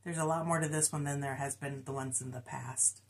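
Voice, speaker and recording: A middle-aged woman with a low voice, chatting casually about her stitching progress. She reports her stitch counts and pokes fun at herself in an easy, homey tone. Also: steady tone, fairly quick. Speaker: co-host of a cross-stitch channel. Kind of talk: casual chat.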